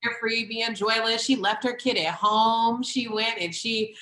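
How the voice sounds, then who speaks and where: A woman comedian chatting in an excited, gushing way, full of playful slang and "like". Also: on the high side, measured pace, reverberant. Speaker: comedian guest. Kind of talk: animated casual chat.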